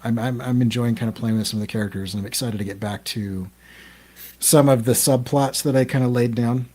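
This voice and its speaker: A man's voice: mid-range voice, darkish tone. Rambling man with lots of restarts. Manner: rambling, full of ums and restarts. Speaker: podcast co-host. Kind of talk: casual group chat.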